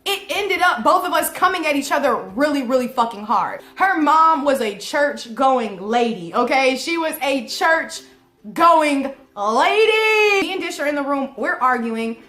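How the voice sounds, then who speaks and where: A young woman telling a storytime vlog in an animated, slangy and profane way. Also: high voice, normal speed, hardly any pauses, faint music behind. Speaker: vlogger. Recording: echoey room.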